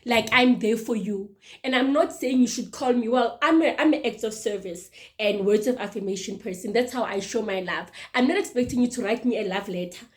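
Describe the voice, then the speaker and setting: A woman's voice: fairly high pitch, a little fast, darkish tone. A woman in her mid-thirties hosting a casual advice monologue, earnest and emphatic, often repeating her words. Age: 30s. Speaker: show host.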